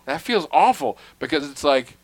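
A man's voice: a little high, sing-song, measured pace. A man in casual conversation, telling a long story in a wry, self-deprecating way, swearing freely and dropping to a mutter on asides.

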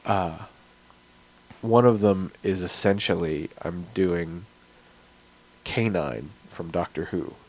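A man's voice: low-pitched, takes it slowly, pauses often, darkish tone, poor audio. A man, a game master and podcast host, talking in a rambling, chatty way about his game and his week. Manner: rambling, chatty, frequent fillers. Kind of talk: casual podcast chat.

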